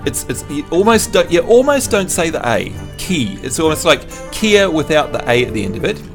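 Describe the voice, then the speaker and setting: A New Zealand man livestreams a game over music, his fairly high voice very animated and brisk. He chats casually with viewers in a jokey, self-mocking way.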